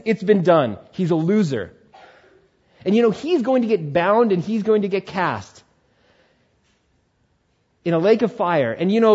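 A man preaching a sermon, switching between animated exhortation and quiet, soothing asides. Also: high voice, normal speed, slightly rough, lo-fi sound. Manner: animated preaching, drops to quiet soothing tones when voicing tempters. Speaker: pastor.

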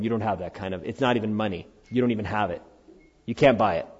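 A middle-aged male pastor delivers an earnest sermon, climbing into loud, high-pitched emphasis and then sinking to quiet, low conviction. His voice sits fairly low. The recording is slightly dull and lo-fi. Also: brisk, slightly rough. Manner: earnest, animated preaching that rises loud then drops low.

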